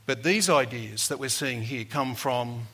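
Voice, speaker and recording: A man preaching a sermon, rising to loud emphasis and falling back to soft, low lines. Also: a little slow, slightly rough. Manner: dynamic, builds to loud emphasis then drops soft.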